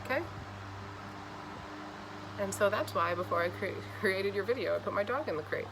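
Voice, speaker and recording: A woman giving a casual astrology reading to camera, blunt, profane and scolding, with an animated delivery. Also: medium pitch, normal speed, noisy background. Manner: animated, acts out voices. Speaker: astrology reader.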